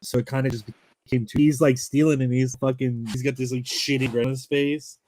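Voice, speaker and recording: A man's voice: medium pitch, fairly quick, slight background noise. A man hosting a casual chat, animatedly telling convention stories and acting out quotes. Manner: animated storytelling with quoted voices and swearing. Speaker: channel host.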